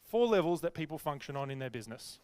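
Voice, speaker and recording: A man coaches business owners through a chatty, self-deprecating story. He talks in a high voice with animated energy, leaning on fillers as he goes. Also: quick pace, clear, resonant tone. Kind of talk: storytelling talk.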